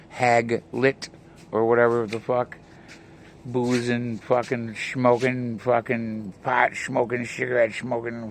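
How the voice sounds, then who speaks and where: A man's voice: medium pitch, a little hiss or hum. A man vlogging from his home, rambling between topics in a casual, profane rant.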